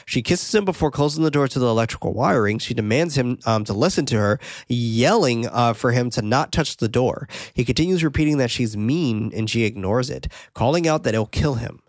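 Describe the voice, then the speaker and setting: A man's voice: medium pitch, no room sound, studio quality. A man hosting a podcast, casually narrating a film's scenes and commenting with occasional swearing. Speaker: podcast host recapping a film. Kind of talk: casual film recap.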